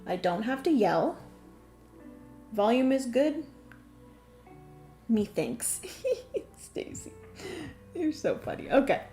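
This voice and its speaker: An excitable young woman hosts a livestream, chatting casually and laughing often as she greets viewers. Her voice sits a bit high, and faint music plays quietly behind her. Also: takes it slowly, long pauses. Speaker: livestream host. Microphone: desk microphone.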